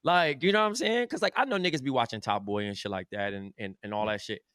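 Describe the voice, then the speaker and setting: A man's voice: mid-range voice, quick pace, clean tone, no echo, studio quality. A man with a strong Californian accent, co-hosting a podcast and telling a casual story full of slang and profanity. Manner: expressive, profane, laid-back slang. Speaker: podcast co-host.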